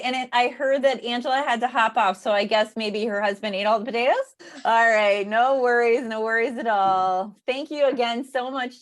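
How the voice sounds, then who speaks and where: An upbeat woman hosts a casual livestream chat. Her voice sits a little high, and she laughs often and repeats herself for emphasis. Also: a bit bright. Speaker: host.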